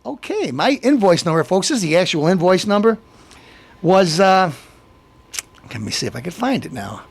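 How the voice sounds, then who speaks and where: Indignant man ranting with a lively high voice. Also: moderate pace, vocal fry, slightly rough. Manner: indignant, rambling, full of restarts. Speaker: show host. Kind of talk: ranting monologue.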